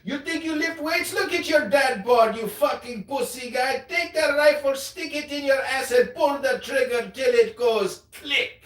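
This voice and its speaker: Man doing a very high-voiced, bragging fake maharaja with a put-on Indian accent, all taunts and insults; roomy, distant sound. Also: unhurried, few pauses, a bit bright. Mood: shouting. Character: boastful rich prank-call maharaja, crude and insulting.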